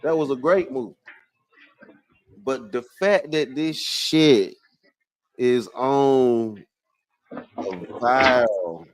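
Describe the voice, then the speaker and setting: A man hosting a casual livestream chat, excitable and profane, jumping between loud outbursts and low muttering, and stumbling when he reads aloud. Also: drawn-out words, pauses often, low-quality recording. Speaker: livestream host.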